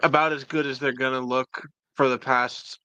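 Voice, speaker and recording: A man's voice: medium pitch, level tone, moderate pace, bright, forceful tone, smooth, no echo, highs cut off. A man, guest in a casual review chat, chiming in with brief, hesitant remarks.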